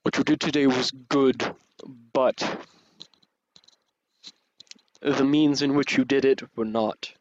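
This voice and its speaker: A man voicing a majestic male dragon god with a deep, booming voice, speaking in slow, solemn, measured judgment. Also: fairly even intonation, no room sound, lo-fi sound, natural voice. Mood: stern.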